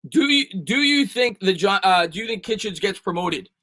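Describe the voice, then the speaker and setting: A man's voice: high-pitched, animated, pushed and bright, slight background noise. A man hosting a sports live stream, reading viewer comments and answering in a casual, stammering way with frequent restarts. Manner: fast, repetitive, stammering restarts. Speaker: sports channel host.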